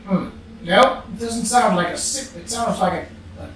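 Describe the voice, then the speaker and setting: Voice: medium pitch, measured pace, a bit bright, recorded from a distance. A gamer chatting casually over gameplay, musing and muttering to themself and humming now and then. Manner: musing, mutters to self, hums. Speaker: let's play gamer. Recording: very echoey room, off-mic, faint hiss.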